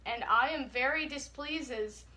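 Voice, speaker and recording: A young woman reading fan fiction aloud for laughs, in a flat, hurried way that keeps breaking into giggles. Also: high-pitched. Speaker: co-host.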